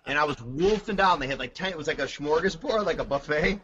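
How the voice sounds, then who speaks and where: A man guest on a drum talk stream, telling stories with lots of laughter and halting restarts. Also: fairly high pitch, husky, muffled recording. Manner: animated storyteller, laughs often, halting restarts. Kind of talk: casual chat.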